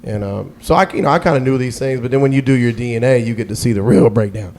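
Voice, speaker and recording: A man in his middle range of pitch, talking as a guest DJ on a podcast. He rambles through his stories, restarting sentences and piling on fillers. He grows more lively as the anecdotes unfold. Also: quick pace. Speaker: radio DJ guest. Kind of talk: casual podcast storytelling.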